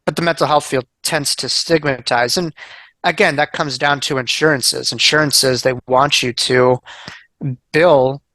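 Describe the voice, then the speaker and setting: Male therapist guest, bright forceful voice, dry sound, earnest with lots of fillers. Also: mid-range voice, steady tone, unhurried, no echo. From United States. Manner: earnest, many fillers and restarts. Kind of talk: casual interview chat.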